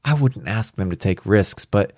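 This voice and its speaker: A man reading the part of an eager museum curator in a storybook, pitching his voice up to plead urgently. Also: expressive, normal speed, darkish tone, no room sound, clean studio sound.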